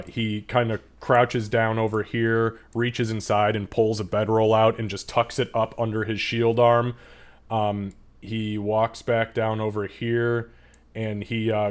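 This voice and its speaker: A man narrating a tabletop game as game master in a loose, profane, filler-heavy way. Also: fairly low pitch.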